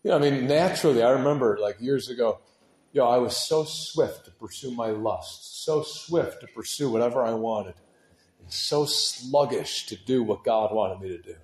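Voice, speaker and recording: Male preacher, impassioned sermon, casual slang, hushed to loud, mid-pitched voice, roomy echo. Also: normal speed. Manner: impassioned, swings from hushed to shouting; casual slang like dude and man.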